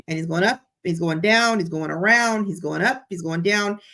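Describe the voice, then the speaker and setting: A woman chatting as a guest, telling a story in an excited, animated way. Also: lowish voice, moderate pace. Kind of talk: casual chat.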